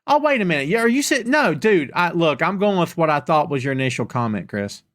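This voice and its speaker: A man's voice: fairly high pitch, sing-song, brisk, fairly bright tone. A man with a Southern US accent hosting a live question-and-answer podcast. He rants emphatically and casually, repeating lines for effect. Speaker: podcast host.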